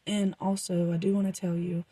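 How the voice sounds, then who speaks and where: Very breathy, husky woman reading tarot. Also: fairly low pitch, little pitch movement, a little fast, mellow, dry recording, rough recording. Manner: rambling, meandering with frequent fillers. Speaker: tarot reader. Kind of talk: casual tarot reading to viewers.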